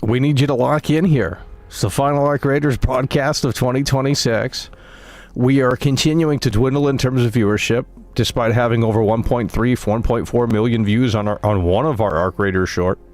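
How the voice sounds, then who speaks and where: A man's voice: medium pitch, steady tone, normal speed, darkish tone. A male gaming streamer talking casually on a live stream, rambling and matter-of-fact while he calls on viewers to engage.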